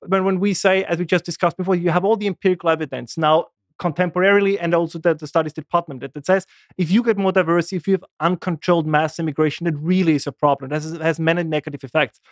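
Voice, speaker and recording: A man, a guest making lively, animated arguments in a casual political discussion. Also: sits high, quick pace, no echo, clean studio sound. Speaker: guest commentator.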